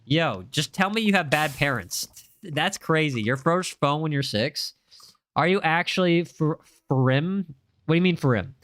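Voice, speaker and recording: A man's voice: fairly high pitch, expressive, normal speed, fairly bright tone, dry recording. A young man hosting a casual livestream, bantering playfully with his chat and insisting he is not lost. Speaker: livestream host.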